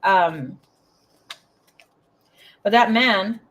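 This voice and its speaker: A woman's voice: medium pitch, normal speed. Chatty, blunt woman reading tarot. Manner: chatty, blunt, swears freely. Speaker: tarot reader.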